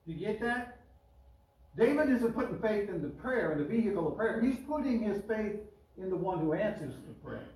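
A man's voice: a little high, mellow. A man preaching a sermon as pastor, in a chatty way, pushing his voice up on the words he stresses. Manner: conversational preaching, rising emphatic on key words. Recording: roomy echo, mic at a distance.

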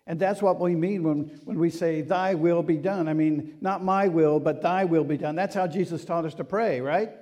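High, mellow-voiced male pastor preaching. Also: moderate pace, hardly any pauses. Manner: conversational preaching with rhetorical questions; earnest and urging. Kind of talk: sermon.

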